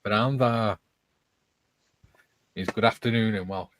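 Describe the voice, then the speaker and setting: A man's voice: fairly low pitch, unhurried, slight background noise. A man hosting a casual live-stream chat, reading viewer comments aloud with chuckles. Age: older. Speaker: host.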